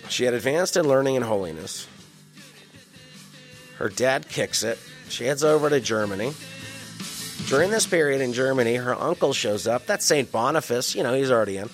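A man's voice: mid-range voice, lively intonation, normal speed, long pauses, over music. A man reading Bible passages aloud and breaking in with slangy, joking asides. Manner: wisecracking, slangy asides between scripture lines. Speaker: scripture reader and commentator.

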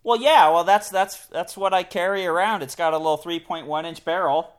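A man co-hosting a casual podcast chat, enthusiastic and joking, often trailing off quietly at the ends of sentences. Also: high-pitched, brisk. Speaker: podcast co-host.

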